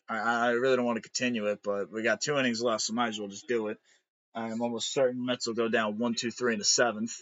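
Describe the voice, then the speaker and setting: A tired man giving live game reaction commentary, frustrated and swearing, now and then breaking into shouts. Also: lowish voice, dry recording, dull audio. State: exhausted.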